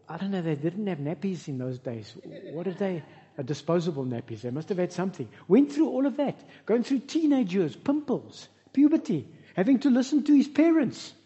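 A man preaching a sermon as pastor, telling lively stories with humorous asides. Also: high-pitched, moderate pace. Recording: reverberant hall, dull lo-fi sound.

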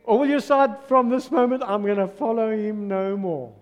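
A man with a South African accent preaching a sermon as pastor, swinging from loud exclamations to soft, low asides. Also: normal speed, long reverb tail, highs cut off. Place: church hall.

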